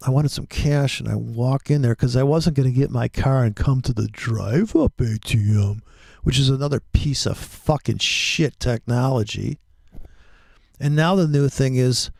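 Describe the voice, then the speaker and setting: A middle-aged man with a gravelly, creaky edge sits close to the mic in a dry, dead-sounding space. He hosts a trading livestream and talks in loose, profane, heated rants at a middle pitch. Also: a little mellow, no room sound. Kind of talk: ranting livestream chat.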